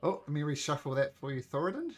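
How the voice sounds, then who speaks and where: A man narrating as game master of a tabletop game, talking in a relaxed, polite way. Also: on the high side, fast.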